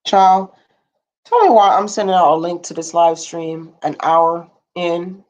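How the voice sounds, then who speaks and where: A woman's voice: on the low side, steady tone, moderate pace, darkish tone. A young woman hosting a casual livestream, rambling frankly with blunt asides and casual swearing, and answering viewer comments as she talks. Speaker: livestream host.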